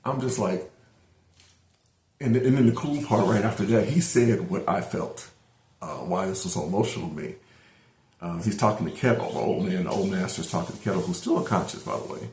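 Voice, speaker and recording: A man's voice: deep voice, fairly quick, darkish tone. A middle-aged man casually reviewing an episode, retelling the plot in a rambling way with many fillers and restarts. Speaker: anime reviewer. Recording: roomy echo.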